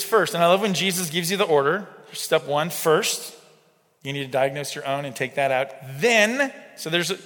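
A man's voice: a little high, fairly bright tone. A middle-aged man preaching in a conversational, emphatic way with frequent rhetorical asides. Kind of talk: sermon-style teaching. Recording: long hall reverb.

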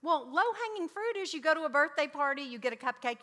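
A middle-aged woman speaking to parents, telling family stories with animated energy and acting out her children's voices. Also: high voice, quick pace, few pauses. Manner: animated storytelling, acts out her kids' voices. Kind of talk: talk to parents with anecdotes. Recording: long hall reverb.

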